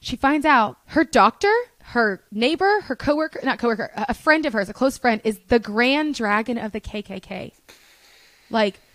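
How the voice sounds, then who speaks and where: A woman's voice: a little high, expressive, moderate pace, a bit bright, no echo. A young woman, a podcast guest, chatting casually and telling rambling stories with laughter and swearing. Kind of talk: casual chat.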